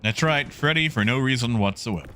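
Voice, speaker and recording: A man's voice: mid-range voice, expressive, a little fast, fairly bright tone, a little hiss or hum. A man streaming a game, chatting casually and greeting viewers in the chat by name.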